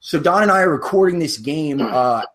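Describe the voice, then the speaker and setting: A man's voice: a little high, expressive, normal speed, fairly bright tone. A man co-hosting a sports podcast in loose, joking chat, swearing now and then. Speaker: podcast co-host.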